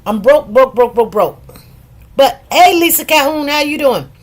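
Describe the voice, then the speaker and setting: A middle-aged woman chats on her own live stream in an easy, rambling way. Her voice sits a little high, and she greets her viewers one by one and doubles and triples words to drive a point home. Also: expressive, measured pace. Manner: chatty, greets viewers by name, repeats words for emphasis. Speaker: livestream host. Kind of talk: casual live-stream chat.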